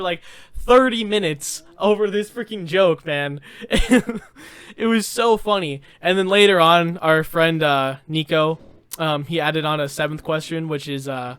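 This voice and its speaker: A young man with a high, bright voice tells stories in a loose, animated podcast chat. He laughs often and stacks up fillers and restarts. The sound is close, crisp and dry, like a headset on a voice call. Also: normal speed, dry recording. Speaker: podcast co-host. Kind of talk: casual storytelling chat. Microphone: remote voice call.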